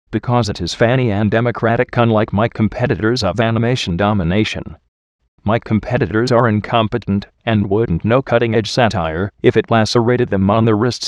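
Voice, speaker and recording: A man's voice: on the low side, no echo, studio quality. A man giving a smug, boastful comedic parody monologue. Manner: smug, boastful, mock-pompous. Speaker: parody narrator.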